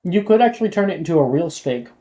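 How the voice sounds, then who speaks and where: Mid-pitched game master, casual and filler-heavy. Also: animated, quick pace, mellow. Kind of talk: running a tabletop game.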